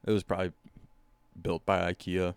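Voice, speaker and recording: Low-voiced man rambling in casual chat. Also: little pitch movement, moderate pace, creaky, slight background noise. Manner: rambling, swears freely, acts out quoted voices. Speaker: podcast co-host.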